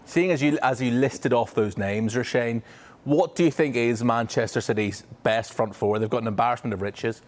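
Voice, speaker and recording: A man's voice: medium pitch, moderate pace. A man presenting a sports panel, asking playful, teasing questions. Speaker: news presenter. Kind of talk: studio panel chat.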